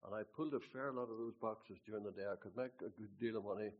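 A man's voice: fairly low pitch, fast talker, phone-quality sound. An older man recalls his past in a rambling spoken testimony, repeating himself and quoting scripture with force. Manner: rambling, repeats words, quotes scripture with emphasis. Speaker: storyteller recalling his conversion.

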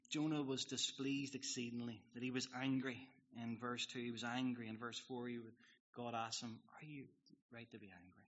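A Northern Irish man preaching a sermon in an easy, talky way, wandering into asides and tossing questions at the congregation. His voice is bright and forward, and the recording is a little dull and lo-fi. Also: medium pitch. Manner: conversational, digressive, with asides and rhetorical questions.

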